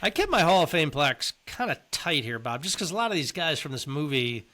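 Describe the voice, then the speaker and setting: Bright-toned male podcast co-host. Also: on the high side, big pitch swings, brisk. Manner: conversational, poses questions to his co-host. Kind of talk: casual chat.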